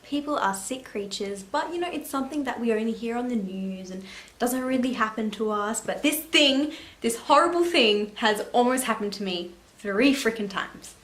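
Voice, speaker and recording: A young woman in her late teens telling a story to camera in a chatty, animated way, laughing and swearing casually. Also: on the high side, normal speed, roomy sound. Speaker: vlogger. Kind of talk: story time chat.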